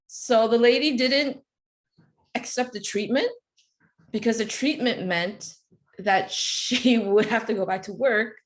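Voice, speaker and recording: A woman's voice: fairly high pitch, takes it slowly. A woman speaking on a webinar video call, telling stories in a casual, chatty way with many fillers. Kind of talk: casual storytelling in a motivational webinar.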